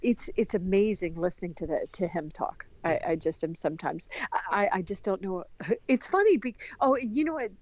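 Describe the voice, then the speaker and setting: An American woman chatting as a podcast guest, talkative and animated, often restarting her sentences. Her voice sits mid-pitch, the sound is dry and a bit dull. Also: moderate pace, no room sound. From United States. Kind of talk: casual conversation.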